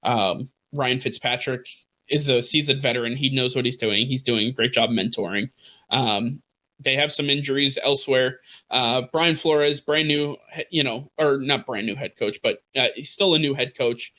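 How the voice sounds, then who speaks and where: A man co-hosting a casual sports podcast, talking in a loose, rambling way full of "uh"s and restarts. His voice sits mid-range and sounds bright and forward, and he laughs now and then as he goes. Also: medium pitch, steady tone, normal speed. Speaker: podcast co-host.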